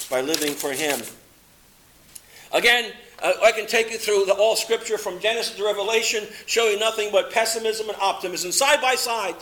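A man preaching a sermon with a high, bright voice. He sways between loud, lifted exclamations and low, hushed statements, pressing each point hard. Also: slight background noise.

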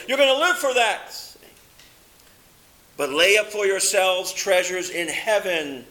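Bright-voiced emphatic male preacher. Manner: emphatic, swings between loud high exclamations and low quiet statements. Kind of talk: sermon.

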